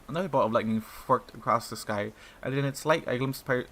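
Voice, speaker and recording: A man's voice: mid-range voice, brisk, hardly any pauses, fairly bright tone. A man reading a fan fiction story aloud in a casual way, stumbling and restarting, and breaking off to swear in asides. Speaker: narrator.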